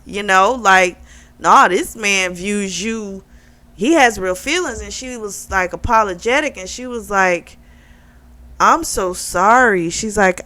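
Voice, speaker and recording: A woman's voice: a little high, fairly bright tone, no echo. A woman casually recapping a novel's plot, talking through the characters' lines with lots of fillers. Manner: chatty, retells with quoted dialogue and many fillers. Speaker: book club vlogger.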